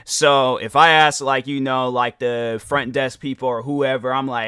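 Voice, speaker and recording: A man's voice: medium pitch, steady tone, moderate pace, hardly any pauses, pushed and bright, clean tone, no room sound, studio quality. A young man hosting a podcast, giving rambling, slangy commentary on a viral video. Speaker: podcast host.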